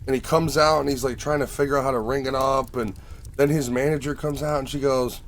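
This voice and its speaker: A man's voice: mid-range voice, brisk. A man hosting a casual chat, telling stories with plenty of swearing and acting out the people in them. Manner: profane, storytelling, animated in anecdotes.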